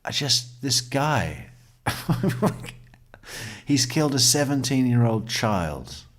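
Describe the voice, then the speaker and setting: A man's voice: mid-range voice, very animated. A man commenting on a courtroom testimony, reading passages aloud with a sardonic tone and frequent laughs. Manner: sardonic, laughs often, slow deliberate reading. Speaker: true crime commentator.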